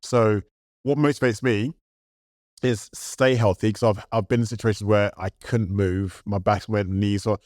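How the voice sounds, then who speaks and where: A man's voice: lowish voice, steady tone, unhurried, a little mellow, no room sound, studio quality. A man in casual chat as a podcast co-host, reflective, picking up speed when he makes a point.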